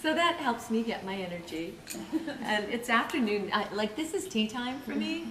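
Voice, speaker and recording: A woman on a convention panel leads the audience through vocal warm-ups, playful and quick to laugh. Her voice is fairly high and swings widely in pitch. It rings through an echoey hall over a loud crowd. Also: far from the mic, background noise. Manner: animated, playful, laughs often.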